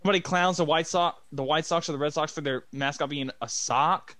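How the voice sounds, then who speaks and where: A man's voice: on the high side, fairly quick, pushed and bright, dry recording. A young man co-hosting a sports podcast, ranting goofily and rambling from one thought to the next. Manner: goofy, rambling rants. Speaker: podcast co-host. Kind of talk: casual sports chat.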